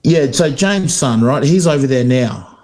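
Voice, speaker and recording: Chatty storytelling man, mid pitch. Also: lively intonation, unhurried, darkish tone. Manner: storytelling, many fillers and restarts, acts out quotes. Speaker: podcast co-host, former rugby player. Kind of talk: casual chat.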